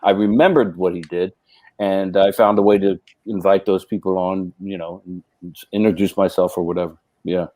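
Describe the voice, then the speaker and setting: A middle-aged man, a podcast guest and actor, telling casual anecdotes in a rambling way, full of restarts and fillers, and turning animated when he acts out what others said. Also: sits low, normal speed, no room sound, poor audio. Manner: animated when acting out quoted speech.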